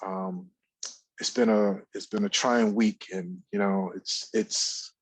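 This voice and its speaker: On the low side and fairly even in intonation, this radio co-host speaks slowly with a slightly rough voice. His casual talk from an office rambles, packed with fillers and repeated phrases, on a low-quality recording without echo.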